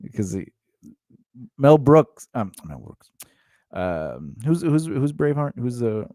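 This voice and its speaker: A man co-hosting a casual podcast chat, telling stories in a rambling, animated way with many restarts. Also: mid-range voice, takes it slowly, no echo, clean studio sound. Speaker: podcast co-host.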